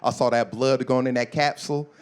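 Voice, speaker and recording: A man in his forties performing a stand-up comedy set. He is profane and animated, acts out voices and shouts his punchlines. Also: medium pitch, a little fast, smooth. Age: 40s. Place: comedy club stage.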